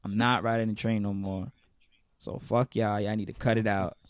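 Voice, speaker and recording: A man's voice: on the low side, little pitch movement, normal speed, no room sound. A young man ranting profanely in a casual podcast chat, full of mock quotes. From New York. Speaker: podcast host.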